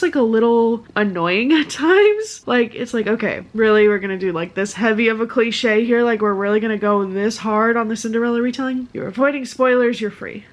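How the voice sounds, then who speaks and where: A young woman vlogging casually about her reading, chatty and rambling with lots of fillers. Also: fairly high pitch. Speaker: book vlogger. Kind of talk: casual vlog chat.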